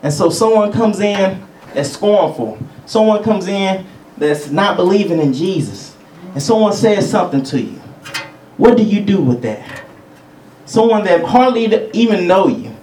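A man's voice: high voice, animated, a little slow, darkish tone, echoey room, far from the mic, a little hiss or hum, poor audio. A male preacher giving a conversational teaching sermon. He chuckles between points and calls out for amens. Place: church sanctuary.

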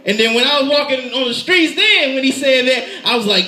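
A man preaching a lively sermon with an animated, playful delivery, laughing and shouting in bursts. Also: very high-pitched, a little fast, crowd noise. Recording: echoey room.

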